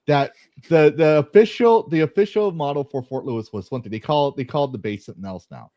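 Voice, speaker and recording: A man's voice: a little high, fairly quick, warm tone, dry recording, highs cut off. Rambling, joking man hosting a chat. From Texas. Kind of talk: casual chat.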